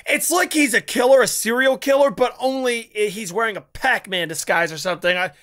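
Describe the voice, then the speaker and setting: A man's voice: extremely high pitch, a little fast, a bit bright. A young man hosting a casual reaction video, rambling and crude, often stammering and restarting. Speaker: YouTube reaction host.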